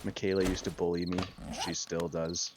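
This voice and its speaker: Rambling low-voiced man in his thirties. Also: flat delivery, normal speed, heavy background noise. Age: 30s. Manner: rambling, swears often, many "like" fillers. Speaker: gaming video host. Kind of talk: casual storytelling chat while gaming.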